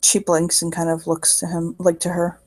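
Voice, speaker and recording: A player describing a character's actions in a tabletop horror game, halting and casual, swearing freely. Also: medium pitch, completely flat delivery. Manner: halting, casual, swears often, many fillers.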